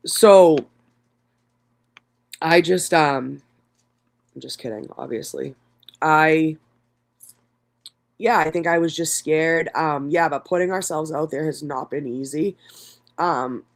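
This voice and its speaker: Emotional, profane livestream monologue. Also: mid-range voice. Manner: emotional, rambling, heavy swearing; many fillers and restarts. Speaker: content creator.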